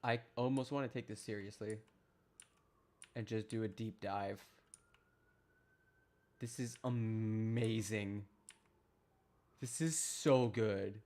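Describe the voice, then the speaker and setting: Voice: mid-range voice, steady tone, takes it slowly, pauses often, dark tone. A live streamer reading a document aloud to their chat, adding casual self-deprecating asides.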